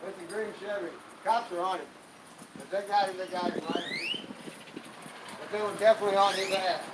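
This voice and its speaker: A man walking along a city street with a friend, chatting in a rough, profane and boastful way. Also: high voice, huge pitch swings, brisk. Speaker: companion at a street protest. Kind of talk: casual chat while walking. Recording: noisy outdoor street with traffic.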